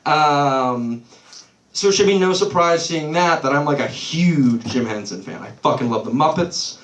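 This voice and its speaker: A man's voice: on the high side, expressive, a little slow, fairly bright tone, slight background noise. Roomy, distant stand-up comic, man. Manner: loose, swearing, loses his place and laughs it off. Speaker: stand-up comedian. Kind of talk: live stand-up set. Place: small comedy club stage. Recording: roomy club sound from off-mic.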